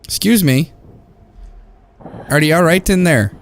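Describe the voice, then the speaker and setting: A man's voice: fairly high pitch, a little slow, slight background noise. A young man giving let's-play commentary on a horror game, jokey, swearing and easily startled. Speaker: gaming YouTuber.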